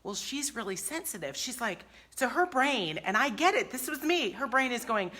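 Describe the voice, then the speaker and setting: A woman's voice: fairly high pitch, sing-song, moderate pace, hardly any pauses, bright, forceful tone. A woman hosting a furniture painting livestream, chatting casually and telling stories with animation.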